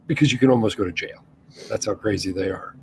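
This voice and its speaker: A man in casual podcast chat, wry and quick to laugh, who tells stories and swears freely. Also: fairly low pitch, noisy background. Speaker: co-host.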